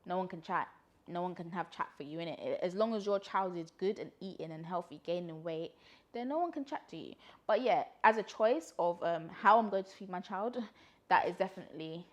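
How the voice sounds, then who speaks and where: A young woman talks straight to camera in a casual Q&A monologue. Her voice sits a little low for a woman. She rambles warmly with plenty of fillers and laughs. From London, UK. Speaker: vlogger.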